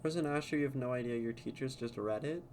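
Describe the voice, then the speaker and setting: A man's voice: medium pitch, quick pace, a little mellow, slight background noise. A man streaming live who reads a poem aloud and then chats casually with viewers, laughing often.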